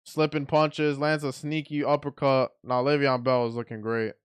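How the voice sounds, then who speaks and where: A man calls a boxing match live as he watches it, giving excitable, blunt play-by-play. His voice is smooth and clear at a middle pitch, and he often restarts his sentences. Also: moderate pace. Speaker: watch party commentator. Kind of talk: live fight commentary.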